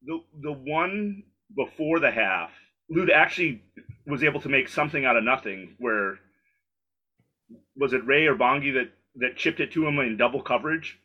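A man's voice: medium pitch, animated, normal speed, lo-fi sound. A man co-hosting a casual sports podcast, bantering playfully about puns and the match. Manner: playful, pun-loving banter. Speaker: podcast co-host.

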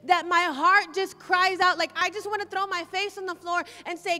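Woman preacher, very high and bright, fervent repetitive delivery, long hall reverb. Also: fairly even intonation, moderate pace, few pauses. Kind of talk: sermon testimony.

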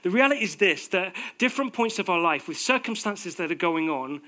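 A man preaching a sermon in a conversational, animated way, acting out little quotes as he goes. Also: sits high, brisk.

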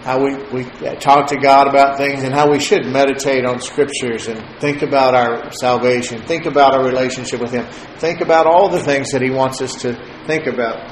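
A man telling a personal story in a sermon, chatty and halting, chuckling often. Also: medium pitch, steady tone. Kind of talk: sermon testimony. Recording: roomy echo, faint noise.

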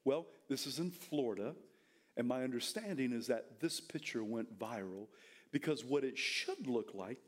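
A male pastor preaching a sermon, bursting into shouted, soaring lines and dropping back into chatty storytelling. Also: animated, moderate pace. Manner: fiery preaching that swings into shouted high bursts, then drops to storytelling; casual, chatty retelling with restarts.

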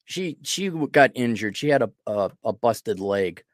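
A man's voice: lowish voice, expressive, measured pace, dry recording. Dry-sounding man with a cold. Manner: rambling, self-deprecating, restarts often. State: sick with a cold. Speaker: podcast host. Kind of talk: casual monologue.

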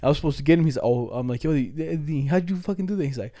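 A man's voice: fairly high pitch, rapid-fire, dark tone, no echo, studio quality. A young man telling rambling, profane stories in casual chat with friends. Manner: slangy, profane, laughing storyteller. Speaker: storyteller among friends.

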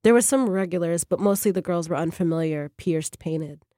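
A woman, a fiction writer, reading her own short story on a radio program in a measured, even way. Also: on the low side, no room sound, studio quality.

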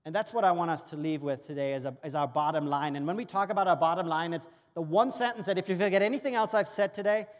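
A man's voice: a little high, fast talker, few pauses. A man from Germany preaching a sermon in a church, telling a parable earnestly and acting out its dialogue. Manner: storytelling with acted-out dialogue, earnest. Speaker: pastor. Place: church auditorium. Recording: long reverb of a church hall.

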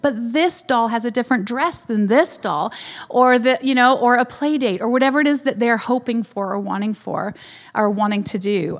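A woman in her thirties tells a homey story from the pulpit, slightly high in pitch. She laughs easily and slips into her child's voice to act out his lines. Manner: warm storyteller, laughs often, acts out her son's lines. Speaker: speaker giving a devotional talk. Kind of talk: storytelling sermon.

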